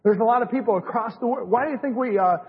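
A man preaching a fervent sermon in a church, excitable and repetitive, forever saying "hey, listen" and "you know what". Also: extremely high pitch, quick pace, breathy edge. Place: church sanctuary. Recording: echoey hall, muffled lo-fi recording.

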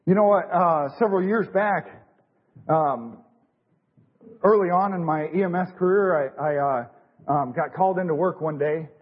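A lay preacher in middle age, his voice a little high, speaks at a moderate pace broken by long pauses. The sermon is informal, folksy and repetitive, with many fillers and restarts, recorded dully in lo-fi within a large, reverberant church sanctuary.

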